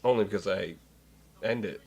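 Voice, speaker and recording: A man's voice: lowish voice, moderate pace, darkish tone, husky. A man co-hosting a podcast, telling a story in casual chat with many fillers and restarts. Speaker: podcast co-host.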